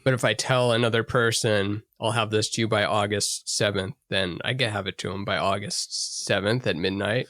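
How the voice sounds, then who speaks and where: A man's voice: lowish voice, fairly even intonation, moderate pace, hardly any pauses, a bit bright, no room sound. A man co-hosting a casual podcast, answering with dry, wry humor. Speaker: podcast co-host.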